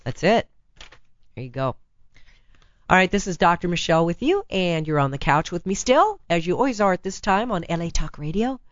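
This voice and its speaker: A woman hosting a talk radio advice show, chatty, blunt and teasing, with a raspy, hoarse voice from laryngitis, talking into a studio microphone. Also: lowish voice, lively intonation, normal speed, no room sound, highs cut off.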